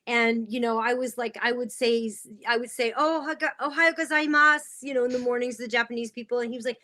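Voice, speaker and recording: A middle-aged woman, a podcast guest, telling funny stories in a casual, animated way and laughing often. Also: a little high, fast. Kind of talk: casual storytelling.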